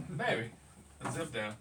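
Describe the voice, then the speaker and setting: A man's voice: mid-range voice, very animated, slow pace, fairly bright tone. A man hosting a casual podcast chat, laughing often and swearing as he tells stories. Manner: laughing, profane storytelling. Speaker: podcast host. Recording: distant mic with faint noise.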